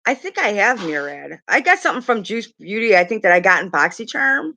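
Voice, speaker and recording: Middle-aged woman, makeup streamer, bright voice, casual rambling chatter. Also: medium pitch, big pitch swings, a little fast. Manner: chatty, rambling, laughs often, swears casually. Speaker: makeup livestream host. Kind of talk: casual livestream chat reading comments.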